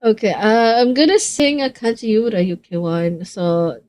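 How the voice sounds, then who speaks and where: High-voiced woman streamer, unhurried. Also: a little mellow. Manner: chatty, swears freely. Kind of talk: casual live-stream chat.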